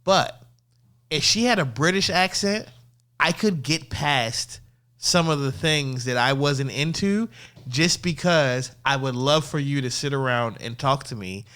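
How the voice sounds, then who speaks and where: A man co-hosting a relaxed, slangy chat, animated and laughing as he tells stories. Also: mid-range voice, measured pace, smooth. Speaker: co-host. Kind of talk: casual chat.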